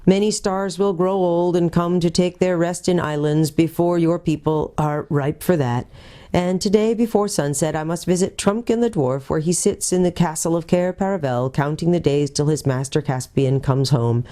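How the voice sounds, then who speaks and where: A woman voicing a great wise male lion in a calm, measured storybook read-aloud. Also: on the low side, lightly acted. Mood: solemn.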